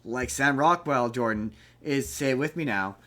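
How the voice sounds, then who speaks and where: A podcast co-host with a medium-pitched, slightly bright voice speaks at normal speed in casual conversation, giving a rambling, profane recap of a movie's plot.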